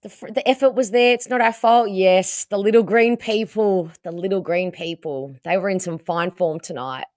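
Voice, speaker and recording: An Australian woman hosting a casual livestream, hoarse from losing her voice and chatting with viewers about the game. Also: medium pitch, normal speed, few pauses, dry recording, studio quality. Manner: chatty and animated, reading out viewer comments. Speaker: livestream host.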